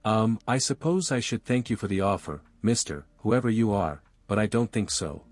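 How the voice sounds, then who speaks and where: A nervous young woman read by a male narrator in his own low voice who tries to brush off an admirer with quick, guarded retorts. The delivery is dry and close, with faint music under it. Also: lively intonation, dry recording. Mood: flustered. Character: flustered young woman at a bar, wary but tempted.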